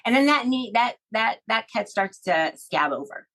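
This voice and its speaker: A woman's voice: a little high, expressive, moderate pace, fairly bright tone, rough recording. A middle-aged woman telling a personal story in a podcast interview, heartfelt and rambling, with many fillers and restarts. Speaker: guest.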